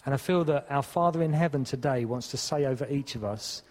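A man preaching a sermon in earnest, acting out quoted dialogue with swings from loud to hushed. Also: mid-range voice, brisk, few pauses. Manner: earnest, acts out quoted dialogue with shifting volume. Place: church hall. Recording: reverberant hall.

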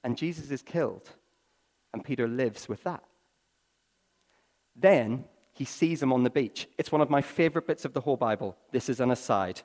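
A man preaching a sermon, telling stories with swings from hushed to excited. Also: mid-range voice, moderate pace. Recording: long reverb of a large hall.

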